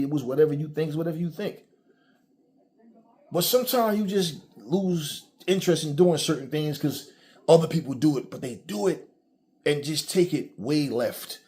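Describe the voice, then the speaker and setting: A man's voice: mid-range voice, darkish tone. A middle-aged man, the channel's host, ranting casually and profanely, acting out mock quotes as he tells his stories. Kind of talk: casual vlog rant.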